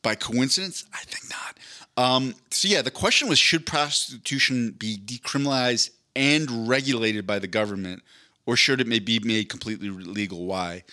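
Podcast host, male, loose rambling joker who swears freely; bright, forceful voice. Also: mid-range voice, normal speed. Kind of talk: casual chat.

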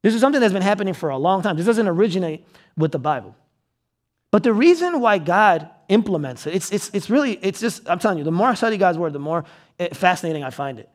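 A young man preaching a sermon in a high, light voice, chatting with his congregation as he goes. He keeps asking them to follow along and checks they agree. Now and then he acts out a quote with a sudden loud cry. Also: expressive, fast. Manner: conversational, checks in with the audience. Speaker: pastor.

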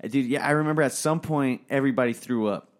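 A man's voice: mid-range voice, fast talker. Swearing, rambling young man telling stories. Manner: swears often, rambling, laughs through stories. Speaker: podcast co-host. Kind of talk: casual storytelling chat.

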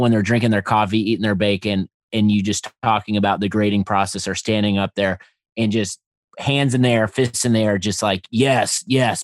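A low-voiced man hosts a podcast and enthusiastically praises his guest's view before moving on to casual questions. His voice sounds dry and close. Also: no room sound. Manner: enthusiastic, affirming interviewer. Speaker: podcast host.

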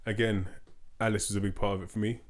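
A man's voice: lowish voice, level tone, quick pace. A man co-hosting a podcast, chatting casually and rambling with fillers and restarts. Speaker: podcast co-host. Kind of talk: casual chat.

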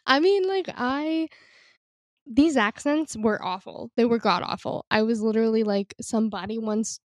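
A young woman co-hosting a casual movie review podcast, animated and excitable, swearing freely as she vents. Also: on the high side, moderate pace, dry recording, studio quality. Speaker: podcast co-host.

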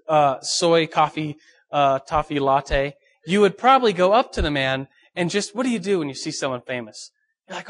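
A young man, a pastor, giving a lively, joking sermon and talking straight to his audience. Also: on the high side. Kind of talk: youth sermon.

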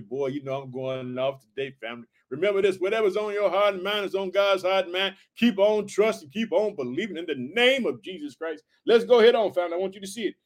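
A man preaching an energetic sermon on scripture, with a fervent, repetitive call-and-response delivery. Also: high voice, fast, hardly any pauses.

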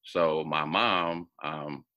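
A man telling a personal story as an interview guest, animated and acting out the voices of people he quotes. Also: very deep voice, extremely slow, highs cut off.

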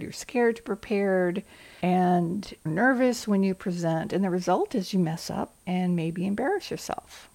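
A woman's voice: fairly low pitch, vocal fry, a little mellow. A woman from the American South, hosting a motivational podcast for school leaders in an earnest, coaching manner.

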